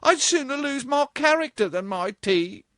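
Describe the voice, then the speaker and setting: A man's voice: extremely high pitch, expressive, normal speed, fairly bright tone, no room sound, clean studio sound, voice pushed up. A man voicing a dramatic, gushing young woman clerk who wails and pleads. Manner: wailing, breathless, theatrical. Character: shrill gushing young office girl, dramatic.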